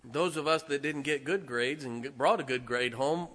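A man's voice: medium pitch, normal speed, a bit bright, in a large hall. A man preaching a conversational sermon as pastor, folksy and joking with his congregation. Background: congregation responding.

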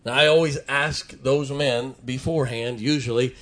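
A middle-aged preacher delivers a sermon in a church, telling homespun stories in a folksy drawl. His voice sits at an ordinary male pitch. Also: fairly even intonation, normal speed, fairly bright tone. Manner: folksy storytelling preacher, mimics stuttering. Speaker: pastor.

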